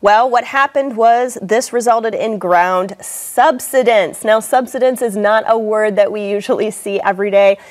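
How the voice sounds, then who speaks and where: Measured woman hosting an English lesson. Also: mid-range voice. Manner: clear, measured, reads passages aloud.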